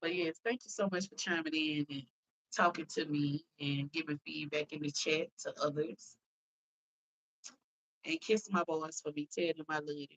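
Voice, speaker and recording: A woman with a low, deep-set voice talks into her phone on a live stream. She is chatty and heartfelt and calls her viewers y'all. She sounds like a young adult chatting casually with her audience. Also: steady tone, moderate pace, fairly bright tone, poor audio. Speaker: livestream host.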